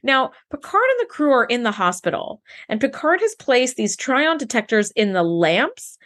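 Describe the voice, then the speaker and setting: A woman co-hosting a podcast, recapping an episode in casual chat, animated, swearing and acting out the characters' lines. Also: on the high side, normal speed. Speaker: podcast co-host.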